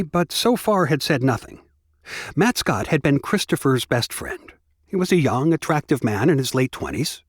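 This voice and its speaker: Male audiobook narrator, husky tone, lively pitch, close dry studio sound. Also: dry recording. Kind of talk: scripted narration.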